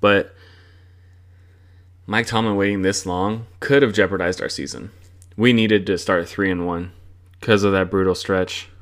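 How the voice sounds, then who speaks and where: A man's voice: low voice, steady tone, unhurried, pauses often. A young man hosting a sports podcast, ranting casually and profanely about his team's losses. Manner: frustrated, profane, rambling.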